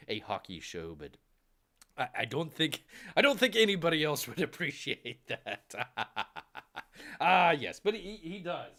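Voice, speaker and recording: A man hosting a casual comics livestream, rambling and excitable, with lots of fillers. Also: medium pitch. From Tampa Bay area. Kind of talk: casual live-stream chat.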